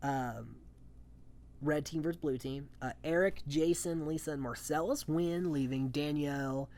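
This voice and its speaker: A man's voice: on the high side, unhurried, darkish tone. A man talking casually and offhandedly as a recap host, swearing freely and chuckling often between points. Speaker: reality show recap host.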